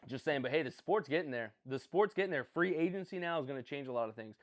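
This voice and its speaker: Quick and animated, a man with a fairly high voice runs a casual live stream and reacts to picks. He rambles, tosses out self-deprecating jokes, and keeps up banter with viewers.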